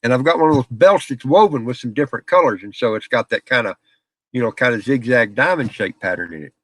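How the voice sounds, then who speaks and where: A middle-aged man with a drawl talks casually to viewers on a live stream from a small back office, spinning folksy stories and laughing along with the chat. His voice sits at an ordinary pitch, and the sound is dry, with very little room echo. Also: fairly bright tone. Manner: folksy storyteller, laughs often.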